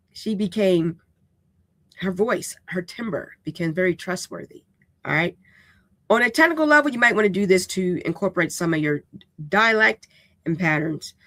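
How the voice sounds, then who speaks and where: A woman's voice: fairly low pitch, a bit bright, no echo. A woman hosting a live-streamed writing lesson, talking in a casual, direct and unapologetically raw way, often checking in with "okay?". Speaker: writing instructor and host.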